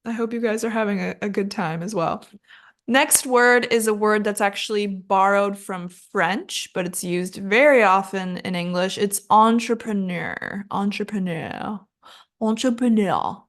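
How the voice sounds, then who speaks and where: A young woman teaching English pronunciation in a casual video lesson. She repeats words slowly to model them, corrects herself, and laughs often. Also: mid-range voice, a bit bright.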